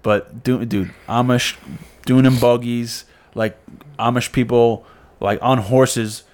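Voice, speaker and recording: A man's voice: mid-range voice, takes it slowly. A man co-hosting a podcast in casual chat, telling a story with a New York accent and acting out what people said. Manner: animated storyteller, acts out quotes. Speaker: podcast co-host.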